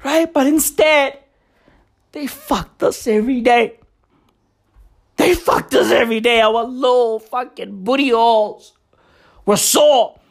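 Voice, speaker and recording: A man hosting a comedy podcast, delivering a profane rant that swings between mock outrage, shouts and mutters. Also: very high-pitched, takes it slowly, long pauses.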